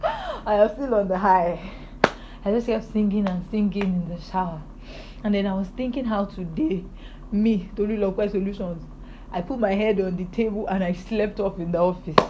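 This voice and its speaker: A woman's voice: medium pitch, sing-song, moderate pace. Young woman, personal video diary, faint background noise, muffled phone sound. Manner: emotional, praising God with joy. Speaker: vlogger.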